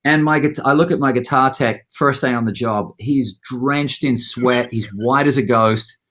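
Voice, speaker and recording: A man telling a story in an interview, lively and animated, acting out the other people's lines as he goes. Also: medium pitch, normal speed. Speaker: musician guest.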